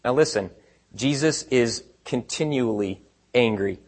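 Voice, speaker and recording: A pastor with a medium-pitched voice preaches a little slowly in a conversational style. He poses rhetorical questions and moves back and forth between quiet asides and emphatic points.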